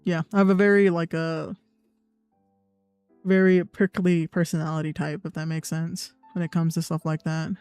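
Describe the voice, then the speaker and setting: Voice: medium pitch, level tone, normal speed, a little mellow, clear, resonant tone, no echo. A young adult livestreamer, in blunt, profane, sarcastic casual chat. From United States. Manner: sarcastic, mocking mimicry of others. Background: faint background music.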